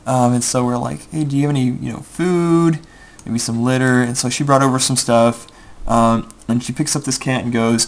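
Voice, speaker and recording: A young man tells a long, rambling story while he plays a game, stopping often to mutter his next moves under his breath. His voice has a gravelly edge at a middle pitch. Keyboard typing can be heard behind him. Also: fairly even intonation, normal speed, slight background noise. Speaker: gameplay video creator. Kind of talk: casual storytelling over gameplay.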